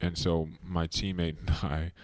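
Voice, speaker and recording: A man's voice: deep voice, flat delivery, measured pace, no echo. A young man, a basketball player guest, telling stories in a laid-back podcast chat full of fillers.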